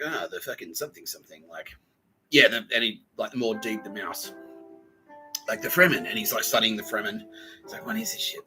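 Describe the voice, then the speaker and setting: A man rambles through a long, profane monologue with a very bright, sharp tone. He keeps laughing at his own stories. Faint music sits behind his voice. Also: lowish voice, rough recording. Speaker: podcast host.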